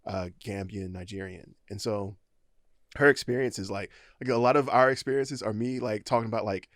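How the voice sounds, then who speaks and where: A man talking casually on a podcast in a studio, laid-back with lots of fillers, getting animated when he jokes. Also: fairly low pitch, normal speed, dry recording. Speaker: podcast host. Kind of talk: casual chat.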